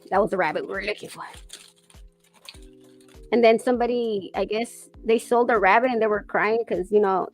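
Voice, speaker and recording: A woman hosting a casual chat, rambling through stories with plenty of swearing and laughter. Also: mid-range voice. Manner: profane, rambling storyteller who laughs often. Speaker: podcast host.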